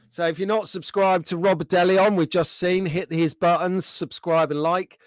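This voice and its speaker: A man's voice: sits high, fairly even intonation, normal speed, few pauses, no echo. Chatty man hosting a livestream. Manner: chatty, friendly, reads out viewer comments. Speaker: livestream host. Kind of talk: casual livestream chat.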